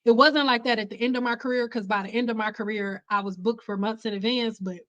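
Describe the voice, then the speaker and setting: A woman's voice: a little high, steady tone, fast, fairly bright tone, muffled recording. A woman hair stylist hosting a livestream, telling candid stories in a casual, emphatic way. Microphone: computer mic on a livestream.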